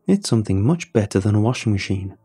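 A man voicing a proud, eager inventor father, coaxing and a bit raised in pitch. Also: expressive, fast, dark tone, slightly rough, faint music behind, full character voice.

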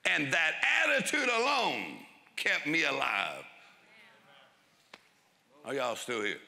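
A man preaching a sermon to a congregation, drawing out key phrases for emphasis and dropping into quick asides. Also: on the high side, huge pitch swings, gravelly, bright, forceful tone, long reverb tail. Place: church hall before a congregation.

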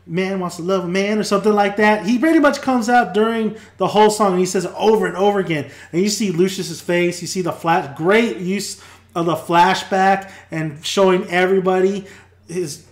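A man hosting a casual TV review, retelling scenes in an animated way and acting out characters' lines. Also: high-pitched, normal speed, echoey room. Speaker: TV review host. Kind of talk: casual spoken TV recap.

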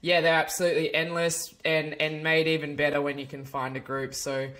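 A woman's voice: low-pitched, level tone, a little fast, a bit bright. A woman co-hosting a podcast in an upbeat, casual manner. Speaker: podcast co-host.

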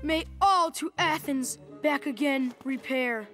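A woman's voice: high-pitched, slow pace, music in the background. A woman voicing a mischievous male fairy trickster who talks in theatrical singsong rhymes, in a cartoon. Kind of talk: cartoon voice acting.

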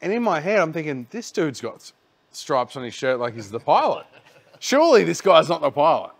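A man's voice: on the high side, big pitch swings, fairly quick, creaky. An Australian man hosting a podcast, telling a rambling, laid-back story in casual chat and swearing freely. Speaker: podcast host.

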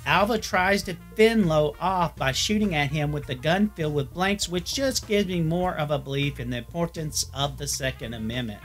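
A man's voice: a little high, moderate pace, hardly any pauses, a bit bright, soft background music. A man narrating an opinionated film review in a blunt manner.

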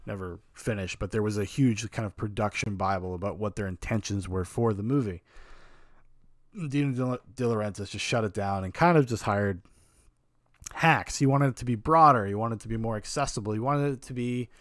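A man's voice: fairly low pitch, a little fast, no room sound, clean studio sound. A man hosting a podcast, giving a casual and frank film review in a rambling, opinionated way with some swearing.

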